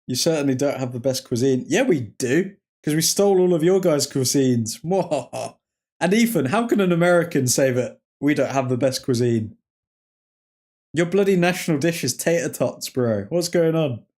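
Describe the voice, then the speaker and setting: A man's voice: fairly high pitch, animated, normal speed, a little mellow. A young English man hosting a live football watchalong stream. He jokes with viewers, laughs often and reads chat comments aloud in casual banter. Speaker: livestream host.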